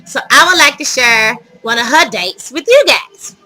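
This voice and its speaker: Bright, high-voiced woman telling a story. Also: moderate pace, faint music behind, low-quality recording. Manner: animated, dramatic, laughs mid-story. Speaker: vlogger telling her dating stories. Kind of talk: casual storytelling to camera.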